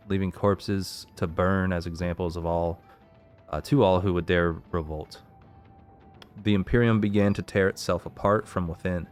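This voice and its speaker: A man with a low, smooth, resonant voice reads fantasy game lore aloud as a let's play host. He keeps a steady reading pace and pauses to work out the pronunciation of unfamiliar names, with game music faint behind him.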